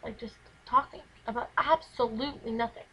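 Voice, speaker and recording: A woman's voice: on the high side, a little fast, sharp tone, husky, highs cut off. A teenage girl, rambling in a casual vlog from her bedroom, filling her talk with "like", recorded on a camera mic. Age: teens. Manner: chatty, rambling, lots of "like". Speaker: vlogger.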